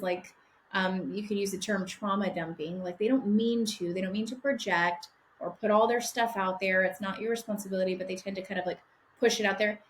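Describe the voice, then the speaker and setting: A woman coach answering interview questions, explaining her approach in a steady way. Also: medium pitch, reverberant, a little hiss or hum. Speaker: guest coach.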